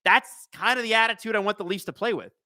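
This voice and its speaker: Fast-talking and high-voiced, a man runs a live watch-along stream, reacting to the game with excitement, making jokes, and reading viewers' chat messages out loud.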